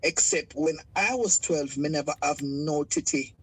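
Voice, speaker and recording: A Jamaican woman calling in to a live talk show, telling her story in an emotional, halting way with a stutter. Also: deep voice, slight background noise, low-quality recording. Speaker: caller. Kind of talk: call-in testimony.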